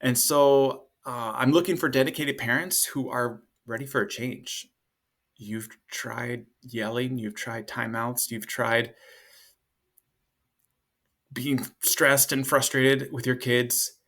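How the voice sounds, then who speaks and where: A man in his thirties giving casual parenting advice to camera. He talks loosely with fillers and jumps into a higher voice to act out short lines of parents and kids. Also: steady tone, slow pace, a bit bright. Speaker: parenting coach.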